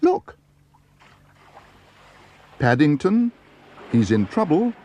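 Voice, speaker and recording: A man voicing an eager, bossy young girl in a cartoon, with an excitable way of talking. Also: medium pitch, moderate pace, breathy edge, pitched above the performer's own voice, full character voice. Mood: excited.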